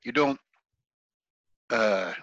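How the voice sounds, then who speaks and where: A man voicing a burly, gap-toothed male chieftain who talks bluntly and fast, in a tabletop game. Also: medium pitch, fairly bright tone, no echo, highs cut off. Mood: gruff.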